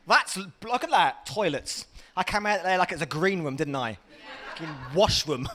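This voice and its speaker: A man's voice: high-pitched, animated, measured pace, sharp tone. A man with an English accent doing a stand-up comedy set, rambling and self-mocking, laughing often. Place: small hot enclosed room.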